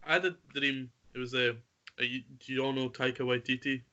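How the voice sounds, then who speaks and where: A young man telling a story in a casual podcast chat among friends, excitable and chatty. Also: medium pitch, fairly quick, lo-fi sound. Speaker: podcast co-host.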